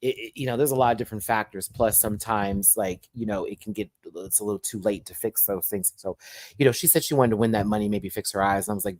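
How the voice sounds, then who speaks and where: Talking fast in a lowish, darkish voice with no echo, a man rants casually about reality TV from home while a pet sits on his lap. As the show's reviewer and host, his delivery is sassy and packed with slang.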